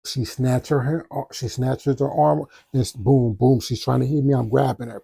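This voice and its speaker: Male podcast host, dark and mellow, animated storyteller who does his own sound effects. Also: medium pitch, normal speed, vocal fry, hardly any pauses, slightly rough, no room sound, studio quality. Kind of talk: casual storytelling.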